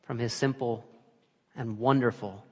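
A man preaching a sermon in a church sanctuary, his voice ringing with a long hall reverb. He tells his story dramatically, sinking to hushed, breathy near-whispers, then rising to loud, emphatic stresses, all at a middle pitch. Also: fairly even intonation, measured pace. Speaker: pastor.

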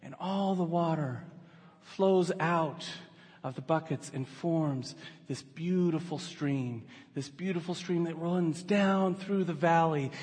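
A high, bright-voiced male pastor telling a story in a sermon, with a husky edge to his voice. He swings from hushed narration to rousing shouts. His voice carries through a reverberant church hall. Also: slow. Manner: animated storyteller building to shouts. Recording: echoey hall.

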